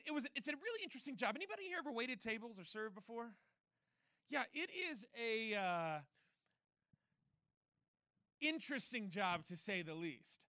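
A young man delivers a sermon in a relaxed, conversational, self-deprecating way. His voice sits very high and rings bright. The sound is dry and close, with no room around it. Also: no echo. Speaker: pastor.

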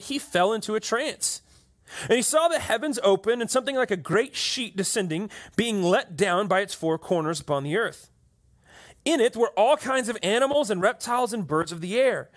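A man with a high, slightly bright voice preaches a conversational sermon to a church audience as pastor. He keeps checking in with his listeners by asking "right?"

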